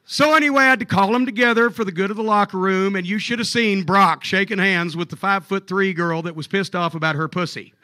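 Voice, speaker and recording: A man telling profane stories on stage at a live comedy club show, animated and jokey. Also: high-pitched, fast, few pauses, no room sound.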